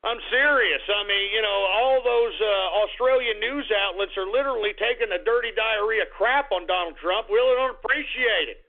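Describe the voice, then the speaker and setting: Brief: male talk radio host, high-pitched and gravelly, combative and profane, tinny phone-like audio. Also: normal speed, few pauses.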